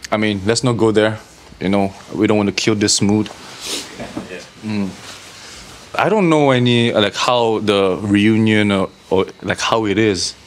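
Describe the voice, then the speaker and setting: Animated man telling stories. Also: fairly low pitch, measured pace, slight background noise. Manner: animated storyteller, imitates people. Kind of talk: casual chat.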